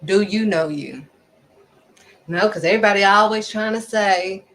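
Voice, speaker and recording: A woman talking straight to camera in a casual motivational vlog, mid-pitched and conversational. She slips into little acted-out exchanges, then lands pointed questions right at the listener with a preacher's push. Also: moderate pace, pauses often, poor audio. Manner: animated, acts out little back-and-forth exchanges. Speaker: faith vlogger.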